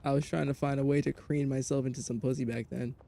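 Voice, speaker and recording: A man streaming a game, telling a story in casual chat, animated and profane, jumping between loud outbursts and low mutters. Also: fast talker, gravelly. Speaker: gaming streamer.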